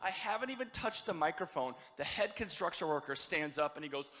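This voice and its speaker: Animated Midwestern stand-up comedian man. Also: fairly high pitch, a little fast, in a large hall. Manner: animated storytelling, acting out yelling characters. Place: comedy show venue.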